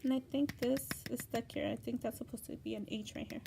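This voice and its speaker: A middle-aged woman hosting a craft channel, chatting casually and excitedly as she unboxes gifts. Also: fairly high pitch, fairly quick, vocal fry, hardly any pauses, a little hiss or hum, low-quality recording. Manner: gushing, excited, gasping exclamations. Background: paper crinkling.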